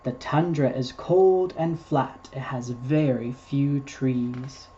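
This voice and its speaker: A man reading picture books aloud to preschoolers at a slow, unhurried pace, stopping to explain words in simple terms. His voice is mellow and warm. The recording sounds a little muffled, with a faint hiss underneath. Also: medium pitch, steady tone. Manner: slow, patient explaining for small children. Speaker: storytime host reading to preschoolers. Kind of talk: children's read-aloud storytime.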